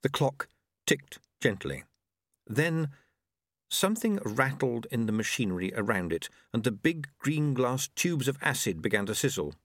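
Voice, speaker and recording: With a mid-range voice and a slightly slow pace, a male audiobook narrator expressively performs scripted narration of a novel. The recording is dry and studio quality.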